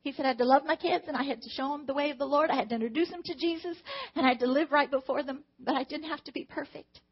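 A middle-aged woman with a high voice tells her personal testimony to a congregation. She is earnest and emotional and often turns to address God aloud. The recording is dull and lo-fi. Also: fast. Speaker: church testimony speaker.

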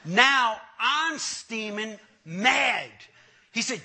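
High bright-voiced guy telling a funny testimony, swoops all over. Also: normal speed. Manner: animated, laughing through the story. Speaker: entertainer giving testimony. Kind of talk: comic storytelling testimony.

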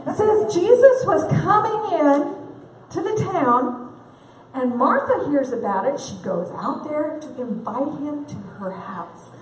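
Woman giving a funny faith talk, slow and candid, far from the mic in an echoey hall, faint background noise. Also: high voice, lively intonation. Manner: candid, self-deprecating, laughs often. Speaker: conference speaker. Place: large event hall.

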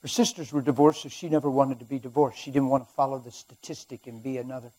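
A middle-aged man preaching, his voice husky and slightly breathy at a middling pitch. He tells his testimony dramatically, dropping to near-murmurs and then rising loud for emphasis. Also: steady tone, fast. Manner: dramatic storytelling, swings from quiet to loud. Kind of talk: sermon testimony.

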